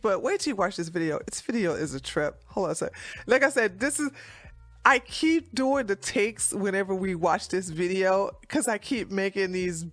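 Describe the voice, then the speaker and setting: A woman hosts her own political commentary channel, ranting in a casual, sarcastic voice that often breaks into laughter. Her voice sits a little high, and the sound is close and dry with no room around it. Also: fairly bright tone, no room sound.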